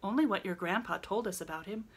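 A woman's voice: medium pitch, fast, slightly rough, pitched above the performer's own voice. A woman reading aloud, voicing a prim, motherly teenage girl who lectures earnestly in a raised voice.

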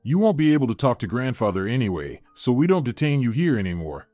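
A man's voice: medium pitch, very animated, fast talker, dark tone, dry recording, close to an everyday voice. Guy reading as a mocking greedy sister, cold, dry sound, faint music. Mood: scornful. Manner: cold and mocking, read plainly. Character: scornful young woman, greedy domineering sister.

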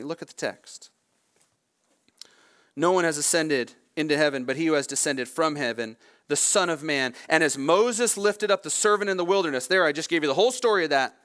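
Bright-voiced preaching man. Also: on the high side. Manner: expressive preaching with dramatic voiced quotes. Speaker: pastor. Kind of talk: sermon.

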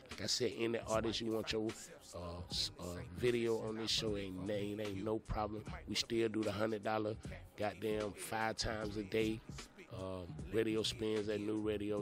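A man hosting a podcast, telling a story in a rambling, profane, animated way, full of "you know what I'm saying" fillers. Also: lowish voice. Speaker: podcast host. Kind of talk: casual storytelling monologue.

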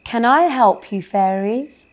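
A woman voicing a polite, friendly male troll in a children's bedtime story, speaking gently and courteously. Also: high voice, big pitch swings, a little slow, pitched above the performer's own voice, heavily acted.

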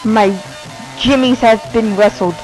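A woman's voice: on the high side, measured pace, darkish tone, faint music behind. A young woman with a cold giving casual, swearing gameplay commentary from her bed, exasperated and rambling. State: sick, coughing. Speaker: gaming video creator. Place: bedroom.

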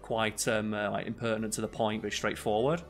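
A man's voice: fairly low pitch, level tone, brisk. Chatty man with faint music. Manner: rambling, lots of fillers and restarts. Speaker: podcast co-host. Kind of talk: casual chat.

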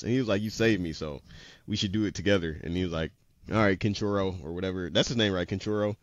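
Low-voiced man rambling through a recap. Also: very animated, fast talker, dry recording, dull audio. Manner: rambling retelling with many "he was like" quotes; laughs often. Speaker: podcast co-host. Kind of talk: casual anime episode recap.

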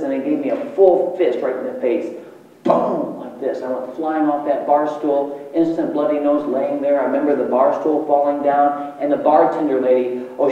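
A man's voice: on the high side, warm tone. Man preaching in an echoey hall. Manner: storytelling with emotional swings. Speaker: evangelist. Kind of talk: testimony sermon. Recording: distant echoey hall, muffled.

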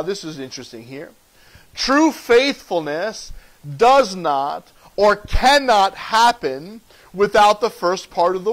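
A pastor delivers his sermon in a fairly high male voice. He preaches emphatically, repeating key phrases and swinging between loud declarations and hushed asides. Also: rough recording.

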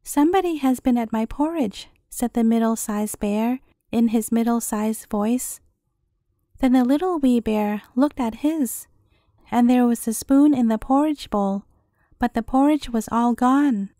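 A woman reading a fairy tale aloud as a bedtime story, in an even, measured way. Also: a little high, no echo, clean studio sound.

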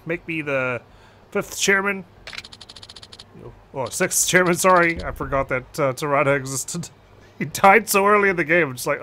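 Bright-voiced joking young gamer. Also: male voice, a little high, moderate pace, slight background noise. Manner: joking, sarcastic asides. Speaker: let's play gamer. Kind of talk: casual gameplay commentary.

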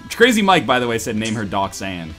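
A man's voice: on the low side, fairly quick. A man hosting a casual voice-call podcast, joking and reading a story aloud in a mock-dramatic way, often swearing. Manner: animated, profane, mock-dramatic. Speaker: podcast host. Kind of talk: casual chat and reading a visual novel aloud. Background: faint rock music.

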